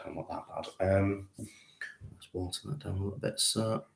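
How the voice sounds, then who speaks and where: Guy livestreaming while painting minis, low voice, rambling on, roomy echo. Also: steady tone, moderate pace, creaky, a little hiss or hum. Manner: rambling, self-deprecating, chatty with viewers. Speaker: live-streamer painting miniatures. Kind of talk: casual live-stream chat. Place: home conservatory. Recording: echoey room.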